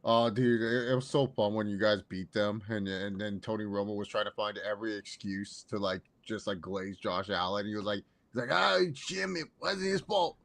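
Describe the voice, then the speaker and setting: A young man co-hosting a casual sports podcast, talking fast and loose, swearing and imitating commentators. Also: lowish voice. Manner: animated, swears, mimics commentators. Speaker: podcast co-host.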